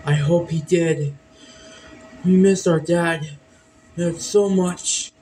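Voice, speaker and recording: A man's voice: on the high side, fairly even intonation, slow, dark tone, a little hiss or hum, low-quality recording. A man voicing his own characters in a fan playthrough of a game. He reacts by asking questions over and over and repeating names. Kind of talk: fan let's-play with voiced reactions.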